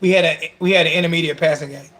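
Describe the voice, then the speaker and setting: A man hosting a casual sports talk show, animated and emotional, sarcastic and repeating himself as he talks. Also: fairly high pitch, very fast.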